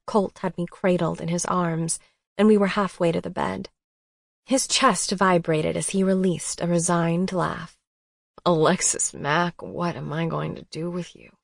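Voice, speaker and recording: A woman's voice: fairly low pitch, vocal fry, no echo, clean studio sound. A woman narrating a first-person romance audiobook in an intimate, emotional way.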